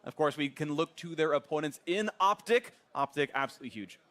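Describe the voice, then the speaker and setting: Guy hyping up an esports match, rattles off lines super fast, higher voice. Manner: energetic, joking hype. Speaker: esports caster. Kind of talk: live esports commentary.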